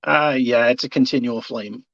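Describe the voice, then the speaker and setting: A game master narrating a tabletop game, hesitant with many pauses and fillers. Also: mid-range voice, no echo, lo-fi sound.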